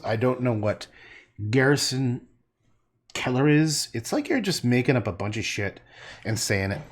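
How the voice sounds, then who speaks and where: A man's voice: medium pitch, big pitch swings, normal speed, husky. A man painting on a livestream, rambling, joking and swearing as he talks to his chat.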